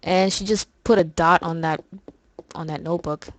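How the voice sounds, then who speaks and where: A woman's voice: lowish voice, steady tone, normal speed, no room sound. A young woman doing casual, rambling commentary over gameplay, often restarting her sentences. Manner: chatty, rambling, full of fillers. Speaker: let's play host.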